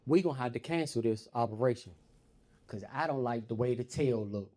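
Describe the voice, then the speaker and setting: Blunt, calm surgeon , as a male comic puts him on, lower voice, flat delivery. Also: fairly quick, natural voice.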